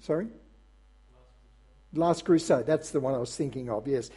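A man preaching a sermon to his congregation in an earnest, measured way, often pausing on filler sounds. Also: medium pitch, mellow, breathy edge. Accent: non-American English. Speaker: pastor.

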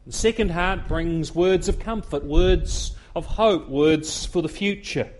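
Male preacher, slightly higher voice, earnest sermon delivery with repeated phrases. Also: slow, slight background noise. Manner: earnest, repeats words, rising emphasis.

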